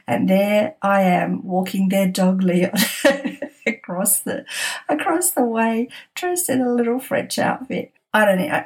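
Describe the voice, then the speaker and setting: A woman's voice: mid-range voice, darkish tone. A woman casually telling funny personal anecdotes, chatty and often laughing as she talks. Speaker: storyteller.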